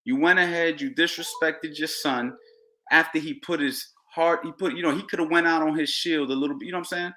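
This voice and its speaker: A man's voice: fairly high pitch, fairly quick. A man hosting a boxing podcast, ranting heatedly and repeating himself. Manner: animated, ranting, repeats phrases. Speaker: podcast host.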